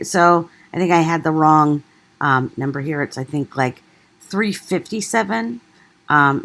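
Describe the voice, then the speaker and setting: Low, slow-spoken woman teacher. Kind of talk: classroom lecture.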